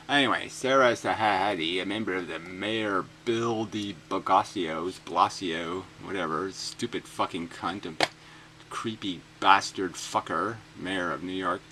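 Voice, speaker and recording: A man's voice: lowish voice, pushed and bright, low-quality recording. A man reading news items aloud and cutting in with sarcastic, profane mocking asides. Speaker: commentator reading news stories. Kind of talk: sarcastic comedic rant.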